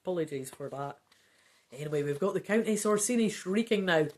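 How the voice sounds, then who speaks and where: A woman reading a gamebook aloud and breaking off into chatty, self-mocking asides. Her pitch moves in a lively way as she talks. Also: a little fast. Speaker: gamebook reader. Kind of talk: casual gamebook read-along with asides.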